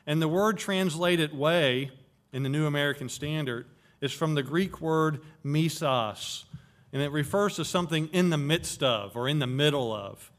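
A man's voice: a little high, normal speed, fairly bright tone. A man preaching an expository sermon, explaining Greek words of a Bible verse and stressing key phrases. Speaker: pastor.

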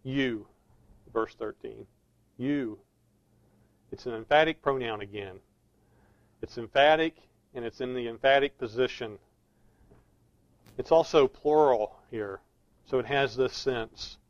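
An earnest male preacher working through a verse, slowing down to press each key word home. His voice sits at a middle pitch. The recording is dry and a little dull. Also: no room sound. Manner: earnest, stresses key words with slow emphasis. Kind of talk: expository sermon.

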